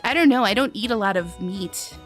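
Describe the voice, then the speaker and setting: A woman's voice: mid-range voice, animated, fairly quick. A woman streamer chatting casually and playfully while playing a game, laughing often and reading game text aloud. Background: faint background music.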